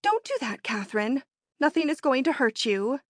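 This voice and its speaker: A woman voicing Natalie, a bright eager society lady. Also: lively intonation, unhurried, no room sound, studio quality. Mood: impatient. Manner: high, emphatic, exclaiming. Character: excitable young society woman, eager and bold. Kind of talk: audiobook character voice.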